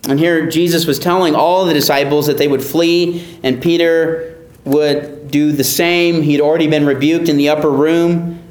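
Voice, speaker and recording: A man delivers an expository sermon in an earnest, emphatic manner. His voice sits high for a man. He repeats key phrases for emphasis, and the sound carries a roomy echo. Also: steady tone, moderate pace, a little mellow. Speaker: pastor.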